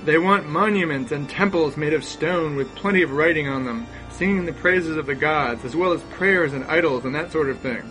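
A man voicing pompous tribal priests who declaim brightly and quickly in a storybook reading. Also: on the high side, faint music behind, natural voice, rough recording. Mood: proclaiming.

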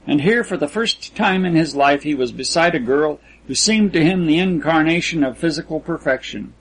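A man with a husky, slightly raspy voice reads a literary story aloud. His pitch sits a little higher than most men's, and his delivery is measured and even. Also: low-quality recording. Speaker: audiobook narrator. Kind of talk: scripted literary narration.

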